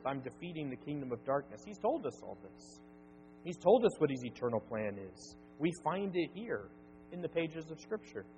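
A man's voice: a little high, a little mellow. Earnest male preacher in a reverberant hall. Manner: earnest, slows down to stress key words. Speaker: pastor. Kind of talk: sermon. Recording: dull sound with long reverb and faint hum.

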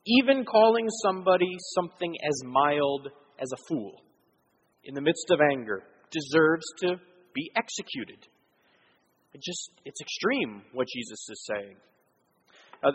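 A man's voice: fairly high pitch, slightly rough. A man preaching a sermon as pastor, explaining earnestly with frequent fillers. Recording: long hall reverb.

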